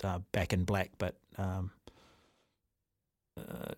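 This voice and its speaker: A man hosting a sports radio show, telling stories in a rambling, animated way. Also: mid-range voice, a little fast, dry recording, clean studio sound. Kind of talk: casual radio chat.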